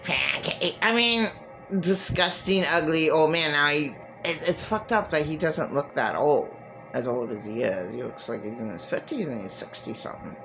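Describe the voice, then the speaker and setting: A woman's voice: low voice, lively intonation, normal speed, over music, low-quality recording. A middle-aged woman giving an emotional monologue to camera, agitated and profane, repeating herself and restarting her sentences. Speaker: vlogger.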